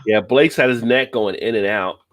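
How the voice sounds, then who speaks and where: Male streamer, relaxed banter, natural storyteller. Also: medium pitch, normal speed. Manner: easygoing, laughs often, tells stories at length. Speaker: livestream host. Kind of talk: casual chat on a live stream.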